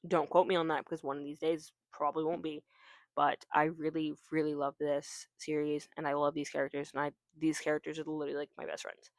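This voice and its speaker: A woman's voice: deep voice, level tone, a little fast, no room sound. A woman chatting casually about her reading list, rambling and correcting herself with lots of fillers. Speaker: booktuber. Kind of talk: casual chat about books.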